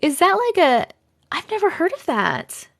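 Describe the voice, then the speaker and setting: A woman's voice: very high-pitched, wildly swooping pitch, unhurried, creaky, a bit bright. A woman hosting a livestream, chatting casually and reading viewer stories aloud, chatty and effusive as she reacts to the chat.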